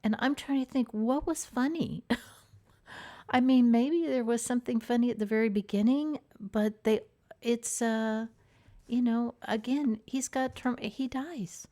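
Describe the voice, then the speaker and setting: A woman hosting a relaxed chat show, speaking at an unhurried, easy pace. She rambles from thought to thought, often trailing off with fillers, soft laughs and sighs. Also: on the high side. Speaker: host. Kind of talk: casual chat about TV dramas.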